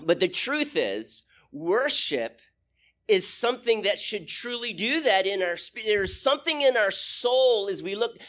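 A man with a high-pitched voice pastors his congregation from the pulpit of a church. He moves from earnest prayer into conversational storytelling. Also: sing-song, a little slow, a bit bright. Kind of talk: prayer and sermon. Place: church sanctuary.

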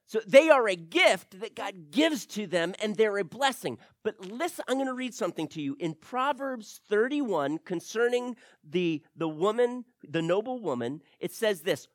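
A man preaching a sermon as pastor, reading scripture aloud with emphatic stresses and soft drops. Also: high-pitched, dry recording, studio quality.

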